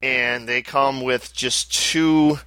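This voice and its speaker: A man co-hosting a casual podcast in a bright, forceful voice. The sound is dry and close. He rambles through his explanations and often restarts his phrases. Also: mid-range voice, fairly even intonation, takes it slowly, clean tone, dry recording. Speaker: podcast co-host. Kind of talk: casual chat.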